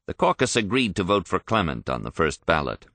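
A man reading a history audiobook in a measured, even storytelling manner. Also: low-pitched, no echo. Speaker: narrator. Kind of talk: scripted audiobook narration.

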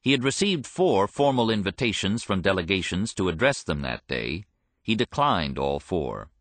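A man reading a history book aloud in measured scripted narration, lifting his voice for quoted speech. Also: deep voice, very animated, a bit bright, dry recording. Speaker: audiobook narrator.

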